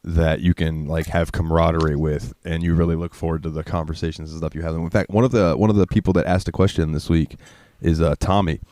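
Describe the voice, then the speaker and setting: A man's voice: extremely low pitch, flat delivery, fast, dark tone, no room sound, studio quality. A young man co-hosting a podcast, telling crude stories in casual chat and laughing often. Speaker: podcast co-host.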